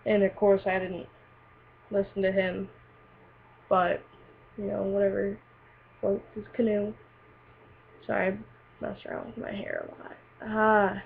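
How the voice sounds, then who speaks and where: A woman's voice: mid-range voice, flat delivery, a little slow, vocal fry, long pauses. A teenage girl telling a personal story in a casual, rambling way, full of fillers and likes. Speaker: vlogger. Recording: tinny lo-fi webcam audio with faint hiss.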